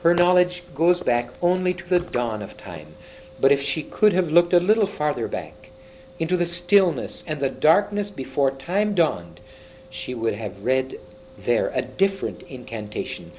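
Aslan, a calm regal lion, read by a man. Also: medium pitch, unhurried, a little hiss or hum, rough recording. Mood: solemn. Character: great male lion, regal and kind.

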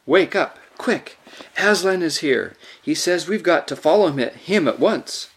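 A man's voice: a little high, expressive, measured pace, breathy edge, voice pushed up, heavily acted. A man voicing Lucy, an eager young girl. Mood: urgent.

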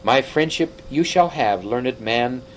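A man reading aloud, voicing a tiny, proud mouse knight in a shrill, piping voice. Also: expressive, slow, slight background noise, low-quality recording. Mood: gallant.

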